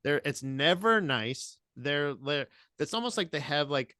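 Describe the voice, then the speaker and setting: Sardonic, slightly higher-voiced co-host. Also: male voice, animated, measured pace, bright, forceful tone, no echo, studio quality. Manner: sardonic, blunt, profane. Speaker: podcast co-host. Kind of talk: casual chat.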